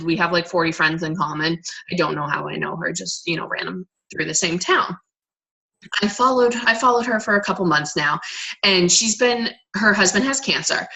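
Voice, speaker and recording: A woman talks to her team over a conference call in a loose, casual way. She restarts her sentences often and fills pauses with ums. Her voice is bright and somewhat low-pitched. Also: poor audio. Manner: rambling, many restarts and fillers. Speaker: team coach on a group call. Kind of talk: casual motivational talk. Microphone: conference call line.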